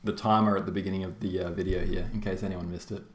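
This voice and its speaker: An Australian man casts and hosts a game tournament stream, his low voice moving quickly with little change in pitch. He chats and rambles in a casual way, laughing often and using lots of fillers, and the recording has a roomy echo.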